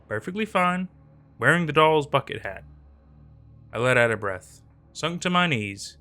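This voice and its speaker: A man's voice: on the high side, big pitch swings, moderate pace, sharp tone. A man narrating a scary story in a dramatic, tense scripted style over faint background music.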